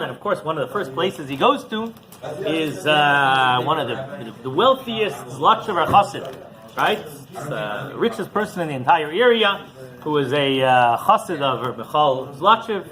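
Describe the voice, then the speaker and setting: A man's voice: on the high side, big pitch swings, moderate pace, pushed and bright, low-quality recording. A man, a rabbi, telling a story in a sermon and often questioning his listeners.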